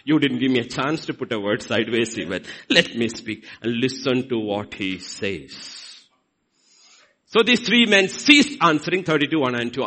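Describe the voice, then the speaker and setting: Indian male pastor, middle-aged, bright and husky, lively pitch swings, dramatic delivery. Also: rough recording. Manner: dramatic, swings between loud emphasis and soft asides. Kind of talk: sermon.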